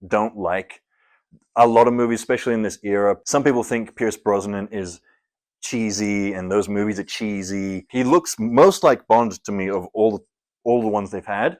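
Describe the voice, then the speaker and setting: A young man from Scotland, talking casually and rambling through his movie rankings in a vlog, with playful theatrical bursts on each countdown number. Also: lowish voice. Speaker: film reviewer.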